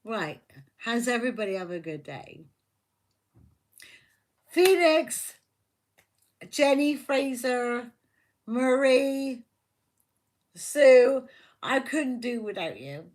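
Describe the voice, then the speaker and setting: A woman's voice: fairly high pitch, sing-song, very slow, long pauses, darkish tone. A woman hosting a live tarot stream, chatting casually and rambling, repeating herself and talking to her viewers. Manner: talks to viewers by name, affectionate.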